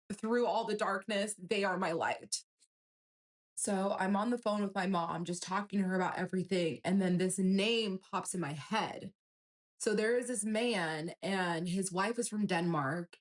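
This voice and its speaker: A young woman from Nigeria earnestly recounting a personal story, full of quoted dialogue. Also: medium pitch.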